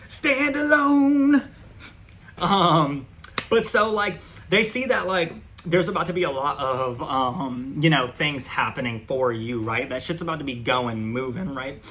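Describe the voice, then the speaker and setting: Profane, rambling man with a bright voice. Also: medium pitch, a little hiss or hum. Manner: loose and profane, heavy with fillers. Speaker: tarot reader. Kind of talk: casual spoken tarot reading.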